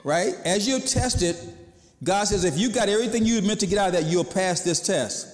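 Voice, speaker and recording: A man's voice: high voice, normal speed. Preaching man in a reverberant church. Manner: conversational preaching, acts out quoted voices. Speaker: pastor. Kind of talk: sermon.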